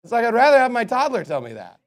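A man preaching a sermon as a pastor, emphatic, swinging between loud declarations and quiet asides. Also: very high voice, wildly swooping pitch, fast.

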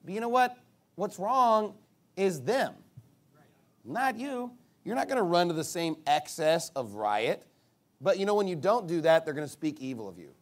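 A man's voice: high-pitched, sing-song, moderate pace. A man preaching a casual, conversational sermon, telling stories and mimicking other people's reactions. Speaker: pastor.

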